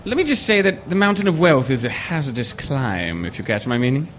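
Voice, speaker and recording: An actor playing a weary, wry retired captain. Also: male voice, mid-range voice, sing-song, fairly quick, a little hiss or hum, natural voice. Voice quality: dry, wry.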